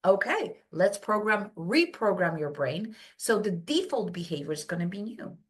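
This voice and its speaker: A woman from Poland, a brain health coach, telling stories as a podcast guest and acting out quoted voices. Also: moderate pace. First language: Polish. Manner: animated storytelling, acts out quotes in high voices. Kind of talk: casual podcast interview.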